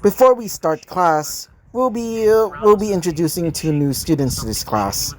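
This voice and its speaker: A man's voice: high-pitched, lively intonation, moderate pace. A man voicing a stern female teacher calling a class to order, close to his own voice. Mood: commanding.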